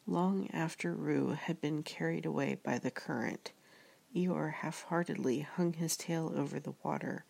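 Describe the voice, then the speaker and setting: Low, gravelly-voiced woman reading aloud. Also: darkish tone. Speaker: narrator. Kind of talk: audiobook reading.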